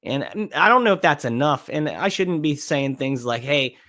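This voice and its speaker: A man's voice: fairly high pitch, animated, moderate pace, bright, forceful tone. Laid-back male podcast host. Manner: laid-back, rambling, thinking aloud. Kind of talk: casual live-stream commentary.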